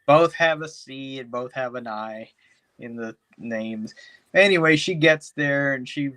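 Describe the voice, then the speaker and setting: Guy on a podcast rambling thru a movie plot, cursing a lot, mid-pitched voice. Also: a little slow, bright, forceful tone. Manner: rambling, profane, heavy on "you know". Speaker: podcast co-host. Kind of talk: casual chat, movie recap.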